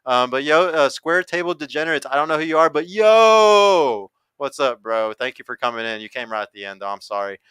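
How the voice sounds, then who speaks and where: A man's voice: mid-range voice, sing-song, a little fast, few pauses, fairly bright tone, smooth, no echo. A man hosting a casual livestream podcast, talking brashly and with lots of swearing as he reads out chat comments. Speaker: podcast host and dating coach.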